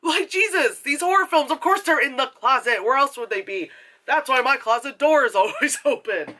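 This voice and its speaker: A vlogger rambles through a movie review to the camera, with a bright, clear edge on every word. The pitch leaps up and down as the talk runs on, full of swearing, fillers and sudden tangents. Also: moderate pace. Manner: animated, swears often, mimics other people; heavy filler words, goes off on tangents. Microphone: camera mic.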